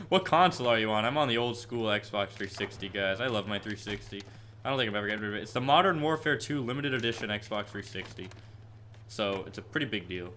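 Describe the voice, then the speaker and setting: An 18-year-old man live-streaming gameplay and answering chat questions, chatty and prone to excited, frustrated yelps. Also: fairly low pitch, fast, slight background noise. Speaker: gaming streamer. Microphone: headset with headphones.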